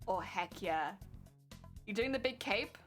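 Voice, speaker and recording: A woman's voice: medium pitch, lively intonation, unhurried, a bit bright, soft background music. A woman with an English accent chatting casually on a live stream while sewing a costume. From England. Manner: chatty, rambling, fillers like "like" and "heck yeah".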